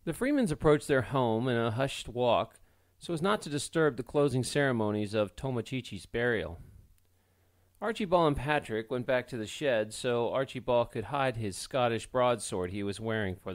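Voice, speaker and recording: A man's voice: mid-range voice, dry recording. Man reading an audiobook aloud. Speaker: audiobook narrator. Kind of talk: scripted narration.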